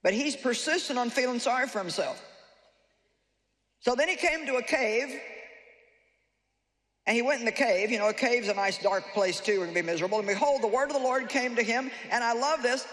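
A woman's voice: a little high, brisk, pauses often, fairly bright tone. A woman preacher delivering a conversational, humorous sermon to a live audience, often teasing her listeners. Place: large hall with live audience. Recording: reverberant hall, faint noise.

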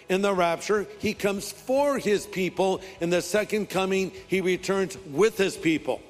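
A man's voice: high-pitched, long reverb tail. A man pastor preaching a sermon with emphatic delivery, leading the congregation in responses and slipping in humorous asides.

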